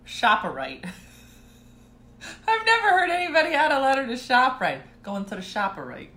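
Middle-aged woman rambling through family stories, laughs a lot, bright voice in an echoey room. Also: high-pitched, wildly swooping pitch, unhurried. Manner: chatty, laughs often, clears throat. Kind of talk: casual storytelling chat.

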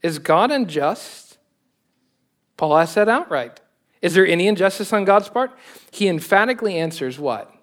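Joking, lively Texan pastor. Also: male voice, sits high, normal speed. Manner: conversational, joking, laughs often, animated emphasis. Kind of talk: sermon.

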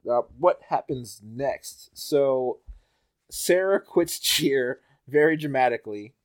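A man hosting a podcast in casual chat, halting with fillers and laughing often. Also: medium pitch, animated. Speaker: podcast host.

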